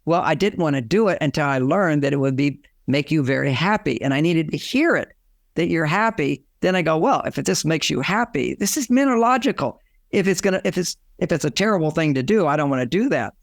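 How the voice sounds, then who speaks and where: Older man, gravelly, dry close sound, animated storyteller, interview guest. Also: on the high side, brisk, no echo. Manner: animated storyteller, acts out both sides of his anecdotes. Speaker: relationship author and guest.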